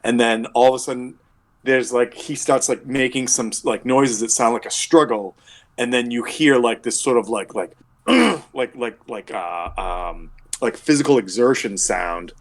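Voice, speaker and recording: A man's voice: medium pitch, a little slow. A man narrating as game master of a tabletop game, rambling with many filler words.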